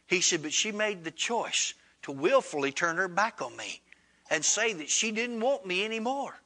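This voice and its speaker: Male pastor, sermon storyteller; high, forceful tone, animated delivery. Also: moderate pace. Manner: animated, acts out dialogue with rising pitch.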